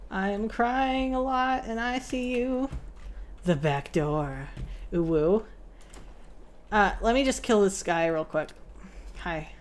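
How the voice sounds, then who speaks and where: A young woman streaming a game, chatting casually in a playful, giggly, rambling way and poking fun at herself. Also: fairly high pitch.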